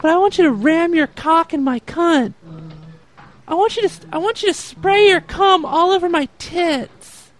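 A man's voice: very high-pitched, normal speed, a bit bright, voice pushed up. A man faking a giggly fourteen-year-old girl. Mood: crude shouting. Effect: internet voice call. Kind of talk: prank call.

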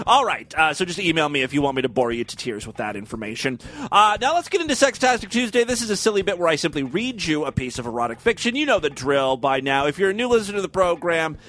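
A man's voice: a little high, bright, forceful tone. A man hosting a podcast, talking in a rambling, sarcastic and profane way. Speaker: podcast host. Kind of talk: casual monologue and comic reading.

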